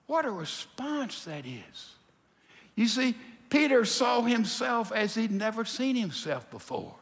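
A pastor preaching a sermon in a lively, animated way, acting out the people in his story. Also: very high-pitched. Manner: animated preaching, acts out quotes. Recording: reverberant hall.

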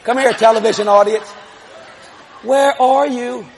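A man preaching a televised sermon to a congregation, shouting and telling stories. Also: extremely high pitch, fairly even intonation, a little slow, a crowd in the background. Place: church service before a congregation. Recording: live congregation with loud laughter and noise.

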